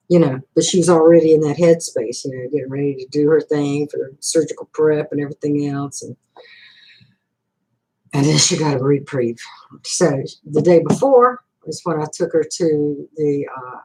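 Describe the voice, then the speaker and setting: A woman's voice: low voice, a little mellow, slightly rough, low-quality recording. An older woman hosting a casual livestream, telling a rambling story full of acted-out quotes and laughter. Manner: frequent laughs and fillers. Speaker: channel host.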